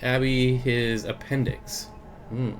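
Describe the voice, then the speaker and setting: Man, young, livestream host, casual chatter, greets viewers, laughs often, average pitch, faint background hum. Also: little pitch movement, takes it slowly. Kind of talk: casual live chat reading viewer comments. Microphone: desk mic.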